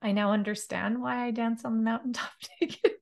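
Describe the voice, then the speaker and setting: A woman's voice: fairly high pitch, steady tone, normal speed, creaky, noisy background. A woman hosting a casual interview, sharing reflections in a heartfelt way and laughing often. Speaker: interview host.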